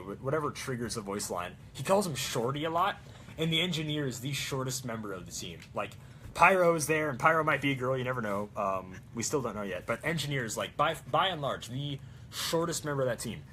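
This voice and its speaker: A young man who rambles through a crafting vlog, excitable and full of fillers. His pitch bounces around a lot as he talks. There is faint noise behind him in an indoor workshop. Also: brisk. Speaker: prop-making vlogger. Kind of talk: casual crafting vlog chat.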